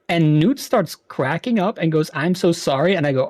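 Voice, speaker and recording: A man in his thirties, a streamer guest, telling stories in a lively way with frequent laughs. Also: a little high, no room sound. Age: 30s. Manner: animated storytelling, quick laughs. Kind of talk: casual interview chat.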